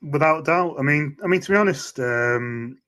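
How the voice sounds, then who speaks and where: A man hosting a casual interview, eager as a fan and halting with fillers and restarts. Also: a little high, fairly bright tone. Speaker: interview host.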